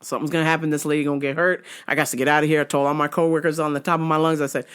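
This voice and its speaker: A woman hosting a podcast, telling a story in a profane, animated way and laughing often. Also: sits low, rapid-fire, clean tone. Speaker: podcast host. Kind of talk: casual comedic storytelling.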